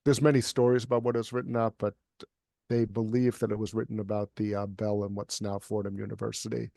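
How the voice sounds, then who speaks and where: Flat-voiced man reciting poetry. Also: fairly low pitch, gravelly, no echo, clean studio sound. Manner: even, unhurried recitation with repeated words. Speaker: poet and guest reader. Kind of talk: poetry recitation and casual chat.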